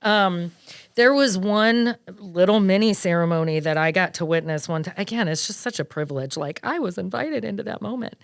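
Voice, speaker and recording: A woman guest on a podcast interview, telling lively, animated stories about her work as a wedding planner. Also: mid-range voice, moderate pace, no room sound, clean studio sound. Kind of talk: casual podcast interview storytelling.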